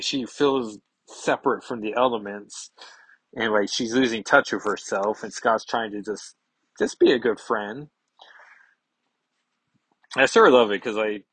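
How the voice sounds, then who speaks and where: A man's voice: mid-range voice, fairly bright tone, breathy edge, no echo, poor audio. A man hosting a casual podcast, recapping a comic book in a rambling way, with many fillers and self-corrections, on a close microphone. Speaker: podcast host.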